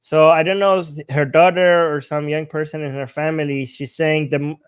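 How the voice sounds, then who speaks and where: A man's voice: fairly high pitch, level tone, moderate pace, smooth, no echo. A man giving casual commentary, translating Persian video clips aloud and laughing often. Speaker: political commentator.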